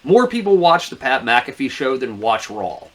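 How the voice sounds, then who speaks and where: A man's voice: mid-range voice, very animated, normal speed. A man co-hosting a wrestling podcast in casual chat, blunt and opinionated, swearing freely. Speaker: podcast co-host.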